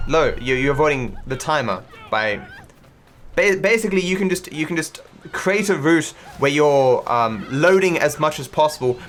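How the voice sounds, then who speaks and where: A man's voice: a little high, fairly bright tone, a little hiss or hum. A man from Australia with a mixed accent that doesn't sound typically Australian, chatting casually while streaming a game, rambling with lots of restarts and some swearing. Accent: mixed, not typically Australian. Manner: rambling, many fillers and restarts, swears freely. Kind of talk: casual livestream commentary while gaming.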